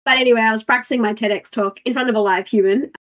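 A woman's voice: a little high, fairly even intonation, fast talker, fairly bright tone. A woman hosting a podcast, chatting openly and correcting herself as she shares personal stories. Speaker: podcast host. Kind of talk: casual chat. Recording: slightly dull, lo-fi sound.

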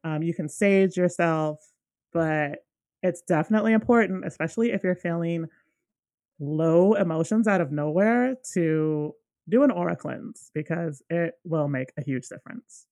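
A young woman co-hosting a podcast, telling a personal story in a casual, animated way with lots of fillers. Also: fairly low pitch, normal speed, no room sound, studio quality. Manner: animated, many fillers, acts out dialogue. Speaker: podcast co-host.

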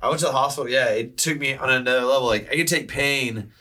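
Bright-voiced man telling a story. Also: medium pitch, fast talker. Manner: animated storytelling, acts out quoted voices. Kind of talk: casual chat.

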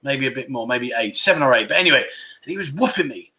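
A man's voice: mid-range voice, lively intonation, fast talker, bright, forceful tone. A middle-aged man hosting a casual livestream, chatting and reading viewer comments in a rambling, self-deprecating way. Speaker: livestream chat show host.

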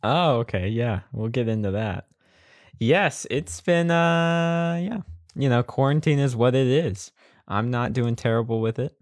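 A man's voice: medium pitch, lively intonation, a little slow, no room sound, clean studio sound. A young man co-hosting a casual podcast chat, laid-back and rambling. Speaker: podcast co-host.

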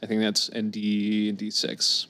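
A man's voice: lowish voice, completely flat delivery, slow pace, sharp tone. A man from Scotland chatting casually as a podcast guest, laid-back, swearing freely and laughing easily.

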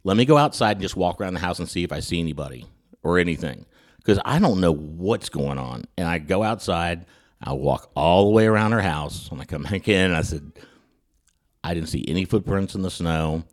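Deep-voiced man telling a story. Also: a little fast. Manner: animated storyteller who acts out quotes, with frequent stammered restarts. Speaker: podcast host. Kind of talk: storytelling anecdote in casual chat.

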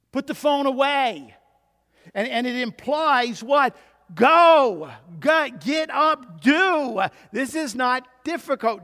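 A man preaching a sermon as pastor, dropping to a hush and then rising to forceful, emphatic calls. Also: extremely high pitch. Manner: emphatic preacher, swings between hushed and loud. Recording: long hall reverb.

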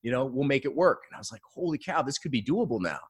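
A man telling a personal story in a casual interview, earnest and animated, often adding "man.". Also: mid-range voice, fast, husky, no echo, clean studio sound. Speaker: guest.

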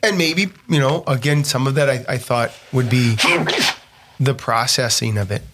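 A man's voice: medium pitch, normal speed, very noisy. A man, a pastor co-hosting a radio talk show, chatting casually about a movie and acting out what people said. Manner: animated, quotes people in voices, frequent fillers. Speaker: pastor and co-host.

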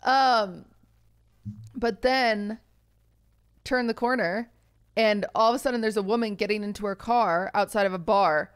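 A woman's voice: measured pace, long pauses, smooth. A young woman co-hosting a podcast, telling stories in casual chat and acting out the people in them. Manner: animated storyteller, acts out quotes in high voices. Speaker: podcast co-host.

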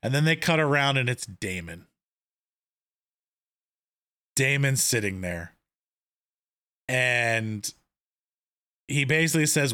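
A man co-hosting a casual podcast, recapping a TV episode in an excited, rambling way with many restarts. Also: medium pitch, a little slow, pauses often, clean tone. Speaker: podcast co-host.

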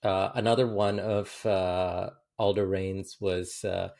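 A man co-hosting a podcast, chatting casually about a film, animated and quick to laugh. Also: low voice, gravelly. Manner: animated, laughs often, quotes lines in put-on voices. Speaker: podcast co-host.

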